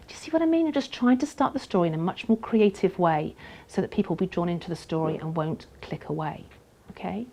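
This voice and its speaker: A woman teaching how to write a short personal story, emphatic and lively, now and then dropping to a soft, breathy aside. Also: lowish voice, fairly quick. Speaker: storytelling tutor. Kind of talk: instructional talk to camera.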